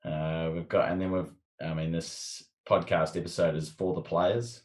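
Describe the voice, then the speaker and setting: Deep-voiced young man, brief replies. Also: level tone, normal speed. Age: young adult. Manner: brief, plain replies with fillers. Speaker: podcast co-host. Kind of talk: casual chat.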